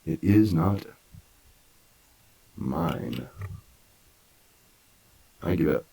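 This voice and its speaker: A man with an extremely low, gravelly voice teaches English grammar very slowly. He breaks each sentence into pieces and repeats words one by one. His tone is husky and unhurried. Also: lively intonation, dark tone, a little hiss or hum, low-quality recording. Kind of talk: slow, deliberate grammar lesson.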